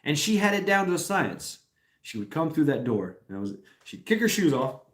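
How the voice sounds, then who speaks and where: A man's voice: on the high side, sing-song, normal speed. A middle-aged man from Tennessee hosting a casual live stream, rambling, swearing and laughing often as he reads comments.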